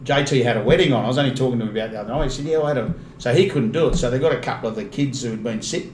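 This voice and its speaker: A man's voice: mid-range voice, very fast, darkish tone. An Australian man, a rugby league commentator, telling stories in a casual podcast chat and laughing often. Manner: chatty, laughs often mid-story. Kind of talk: casual storytelling. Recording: echoey room, faint noise.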